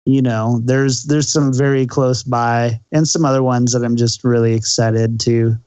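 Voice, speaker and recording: A man's voice: mid-range voice, fairly even intonation, measured pace, a little mellow, clear, resonant tone, dry recording. A man chatting eagerly as a podcast guest. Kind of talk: casual chat.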